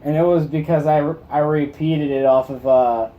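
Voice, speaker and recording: A man's voice: a little high, fairly even intonation, normal speed, phone-quality sound, a crowd in the background. A man co-hosting a casual chat in a put-on Southern drawl, swearing and joking crudely. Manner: crude, profane banter. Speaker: co-host.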